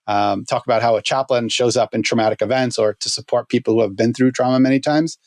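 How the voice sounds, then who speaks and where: A man telling a story as a guest on a podcast, halting with many restarts. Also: medium pitch, steady tone, a little mellow, dry recording, clean studio sound.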